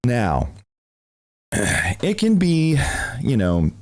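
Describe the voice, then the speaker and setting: A man's voice: medium pitch, wildly swooping pitch, extremely slow, darkish tone. A man hosting a live-stream masterclass, talking in a rambling, filler-heavy way and laughing easily. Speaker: stream team host.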